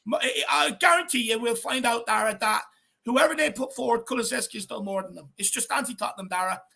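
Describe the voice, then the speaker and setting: A man's voice: very high voice, fast, creaky, sharp tone. A man hosting a live football watchalong, giving passionate, ranting opinions. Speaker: watchalong host.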